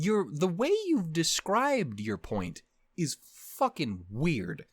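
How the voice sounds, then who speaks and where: A young man riffs on a show he just watched in loose, casual commentary. He swears freely, restarts his sentences and laughs at his own asides, and his pitch leaps high and drops low. The recording is dry and close. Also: huge pitch swings, slow, husky, no room sound. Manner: rambling, profane, self-interrupting, laughs often. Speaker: reaction channel host.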